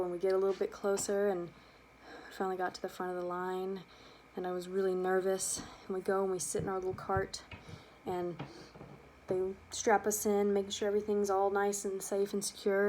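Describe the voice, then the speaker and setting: A young adult woman telling a personal childhood story, lively and animated, acting out the quotes. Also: mid-range voice, brisk, slight background noise. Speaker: student storyteller.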